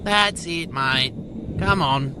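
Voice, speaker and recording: A man swearing and shouting while filming a thunderstorm outdoors with a friend. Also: fairly high pitch, slow pace, noisy background. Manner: swearing, excited and shaken exclamations. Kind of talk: filming a storm with a mate.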